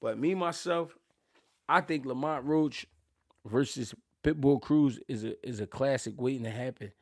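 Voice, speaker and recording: Brief: Philly-male host, gravelly low-key voice, slangy live-stream banter, dry close mic. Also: normal speed, dry recording. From Philadelphia. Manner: slangy, laughing, swings from loud to mumbled. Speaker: boxing channel host. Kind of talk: casual live-stream chat.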